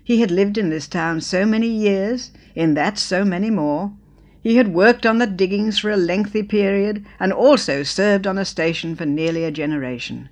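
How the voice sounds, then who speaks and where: A woman reading a memoir aloud in a measured, expressive storytelling manner. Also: mid-range voice. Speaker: narrator.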